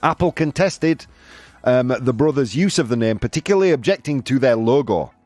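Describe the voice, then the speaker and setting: A man from the UK hosts a live stream, chatting with viewers in a sarcastic, joking way and laughing at his own remarks. His mid-pitched voice swings widely up and down. It is recorded dry and close, with faint music underneath. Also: expressive, normal speed, a little mellow, no echo. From United Kingdom. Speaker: live show host reading chat. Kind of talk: casual live-stream chat. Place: room with air conditioner running.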